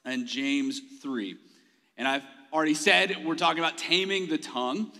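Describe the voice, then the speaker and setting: A man's voice: fairly high pitch, normal speed, bright, forceful tone. A man from Mississippi preaching a sermon, folksy and conversational, telling personal stories to his congregation. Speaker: pastor. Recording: long reverb of a large hall.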